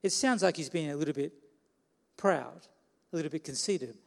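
A man's voice: a little high, normal speed, creaky, in a large hall. A man preaching a sermon in a conversational way, putting questions to the listeners.

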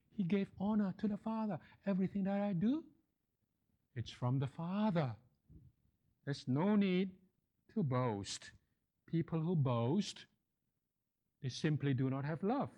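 Male preacher, slightly high-pitched, delivering a sermon in a measured, emphatic way with deliberate repetition. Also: a little mellow. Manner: emphatic, repeats key phrases.

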